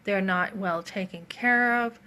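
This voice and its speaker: A woman's voice: mid-range voice, unhurried, pushed and bright. A middle-aged woman telling a story to her viewers in a casual vlog, earnest and indignant, often quoting her own thoughts with emphasis. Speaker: vlogger.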